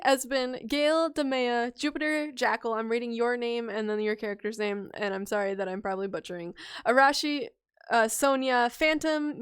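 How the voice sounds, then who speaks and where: A woman's voice: high voice, smooth. A woman hosting a casual livestream and reading viewer names aloud from chat. She giggles often, gets distracted and stumbles over names as she scrolls. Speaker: livestream host and storytelling bard.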